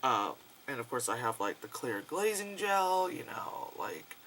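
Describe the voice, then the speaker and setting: A man chatting casually in a vlog, rambling and excitable, full of fillers and swearing. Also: medium pitch, a little slow, slight background noise, poor audio. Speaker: vlogger.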